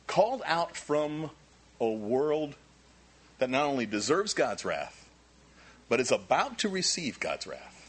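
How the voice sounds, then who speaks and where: A man preaching a sermon as pastor, animated and repeating key phrases for emphasis. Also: mid-range voice, slow pace, pauses often, husky.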